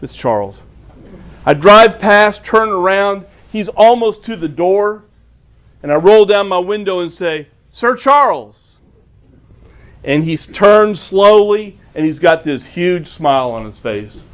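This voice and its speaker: A man's voice: sits high, lively intonation, a little slow, clear, resonant tone. A man, an author, giving a storytelling talk to a club, earnest and acting out the dialogue. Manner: earnest, acts out quoted dialogue. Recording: dull lo-fi recording.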